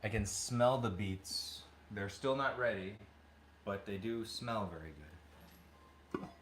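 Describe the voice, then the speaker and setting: Low-voiced man chatting on a home livestream. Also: takes it slowly, noisy background. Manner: chatty, cooing baby talk at his dogs, reading out viewer comments. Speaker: livestream host. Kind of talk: casual livestream chat while cooking.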